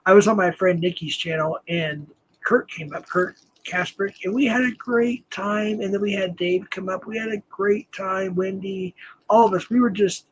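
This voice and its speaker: A man's voice: high-pitched, steady tone, normal speed, husky, poor audio. An older man hosting a livestream, talking casually in a rambling, self-deprecating way and laughing often. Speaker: livestream host.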